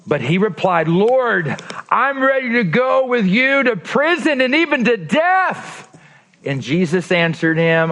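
A man with a fairly high voice preaches a sermon as a pastor in a church. He acts out quoted lines with lively energy, then drops into soft, intimate tones to press a point home. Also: unhurried.

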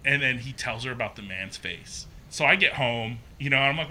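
Bright-voiced man telling a spooky story. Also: fast, few pauses, slight background noise. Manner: animated, acts out quotes with pitch jumps. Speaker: guest telling a ghost story. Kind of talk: casual storytelling.

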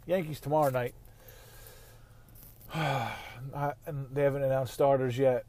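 A man's voice: medium pitch, steady tone, measured pace, a little mellow. A man ranting in a casual, profane, rambling way while driving in his car. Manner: heated, swearing, rambling. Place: inside a car.

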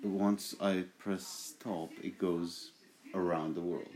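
A young man with a very deep voice hosts a homemade podcast. He rambles casually, stopping and restarting with plenty of fillers. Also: fairly even intonation, slow, darkish tone. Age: young adult. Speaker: podcast host.

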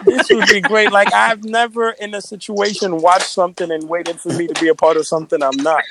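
A young man chatting casually and excitedly, joking and quick to laugh. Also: sits high, vocal fry, over a noisy crowd. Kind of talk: casual chat.

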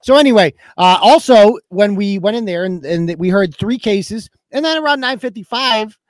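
A man's voice: high-pitched, animated, moderate pace, no echo. A man hosting a podcast, telling a story in a heated, profane rant and acting out other people's lines as he goes. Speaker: podcast host.

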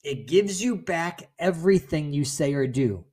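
A man voicing a wise, gentle father. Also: fairly high pitch, breathy edge. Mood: calm instructive. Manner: calm, instructive, unhurried. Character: wise, gentle father teaching his son.

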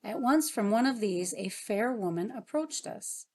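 A woman reading a story aloud as narrator, in a gentle, earnest manner. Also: a little high, lively intonation, measured pace. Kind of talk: audiobook narration.

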